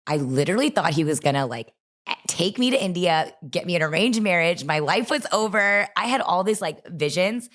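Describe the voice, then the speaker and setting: Young woman, low voice, chatty storytelling guest, animated and quick to say "like". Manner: animated, lively, full of "like". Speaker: guest, online creator. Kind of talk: personal storytelling in a conversation.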